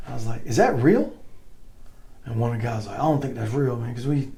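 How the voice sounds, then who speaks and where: A middle-aged man, a former soldier, telling stories in a casual interview, animated and acting out what others said. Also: medium pitch, rapid-fire, slight background noise. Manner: animated, acts out quoted voices, swears casually. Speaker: guest, former Green Beret.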